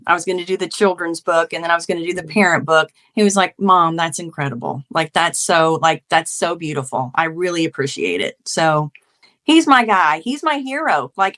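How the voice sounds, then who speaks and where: A woman in her forties, a guest author and mother, telling her story with feeling and acting out quoted arguments. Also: on the low side. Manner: heartfelt, animated storytelling, acts out quoted arguments. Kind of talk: emotional conversational interview.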